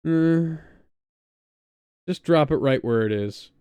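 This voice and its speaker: A man's voice: a little high, lively intonation, takes it slowly, mellow, clear, resonant tone, no echo. A man co-hosting a casual reaction stream, cracking profane jokes. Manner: profane and joking. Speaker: stream co-host.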